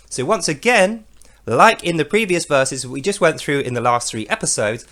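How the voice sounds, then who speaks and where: A man with a high voice and a very animated delivery hosts a podcast. He talks over a scripture reading in a sarcastic, mocking way. He swears freely and often drops into loud mock voices. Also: normal speed.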